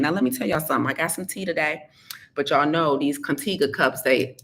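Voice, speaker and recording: Her low-pitched voice is brisk and a bit bright, with vocal fry. A health coach and podcast host, she addresses listeners directly in a sassy, emphatic motivational talk, repeating points for effect.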